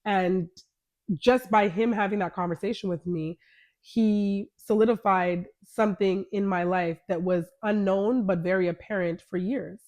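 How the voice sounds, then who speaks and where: A woman's voice: mid-range voice, fairly even intonation, a little slow, a little mellow. Candid woman telling her own story. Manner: candid, conversational, retells dialogue. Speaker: podcast host. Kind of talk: personal storytelling monologue.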